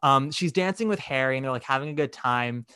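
A man's voice: mid-range voice, brisk, smooth, no room sound, studio quality. A man hosting a podcast, chatting casually and acting out quotes as he tells stories. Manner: chatty, animated storytelling, acts out quotes. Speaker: podcast host. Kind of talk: casual chat.

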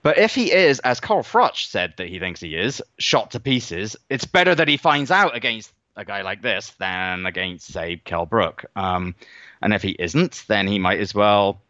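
A man weighs up fights in a dry, wry way, pausing often on fillers. His voice is bright and forward. The recording is a little dull and very dry, with no room sound. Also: fairly low pitch, expressive, no room sound. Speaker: boxing analyst. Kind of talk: podcast chat.

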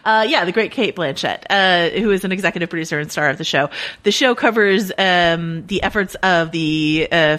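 A woman co-hosting a podcast in casual chat, animated and chatty, laughing easily and restarting her sentences often. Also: on the low side. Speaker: podcast co-host.

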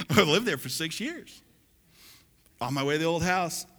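A male pastor preaching a sermon, calling on the congregation to repeat after him and building to loud exhortation. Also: on the high side, animated, slow. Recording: long hall reverb.

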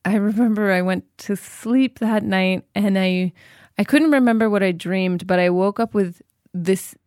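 A woman's voice: mid-range voice, unhurried, a little mellow, dry recording, clean studio sound. A woman in her thirties, a guest in an interview, talking reflectively and often restarting her sentences. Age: 30s. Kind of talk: casual interview chat.

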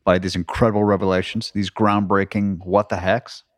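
Deep-voiced man joking on a podcast. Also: flat delivery, moderate pace, no room sound, studio quality. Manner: joking, playful. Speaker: podcast co-host. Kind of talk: casual chat.

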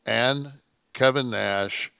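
A man's voice: mid-range voice, drawn-out words, gravelly, sharp tone, smooth, no echo. Profane man telling a heated story. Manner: profane, heated, rambling with restarts. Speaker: podcast co-host telling a wrestling story. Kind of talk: casual storytelling chat.

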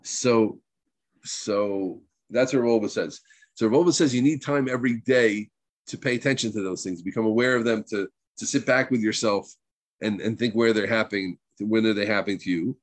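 A middle-aged man with a New Jersey accent leads a relaxed religious class in a somewhat low voice. He talks loosely and chattily, dropping in Hebrew terms and asking "right?" as he goes. The recording is dry and close, with no room sound. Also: normal speed, dry recording. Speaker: Torah teacher.

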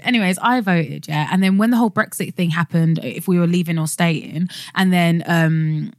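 Woman, podcast co-host, lively storyteller, dry close sound. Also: moderate pace, hardly any pauses, no echo. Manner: animated storyteller, acts out quotes in high voices. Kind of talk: casual chat.

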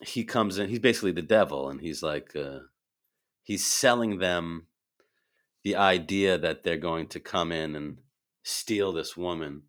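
A man, an improv performer and actor, telling animated stories in a casual chat and acting out the voices in them. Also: low-pitched, a little slow. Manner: animated, acts out voices in his anecdotes.

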